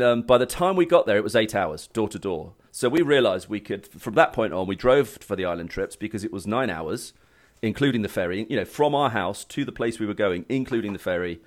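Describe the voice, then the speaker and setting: A man chats loosely on a talk show. He tells his stories in a rambling way, restarting his sentences and breaking into laughs. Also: fairly low pitch. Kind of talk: casual chat.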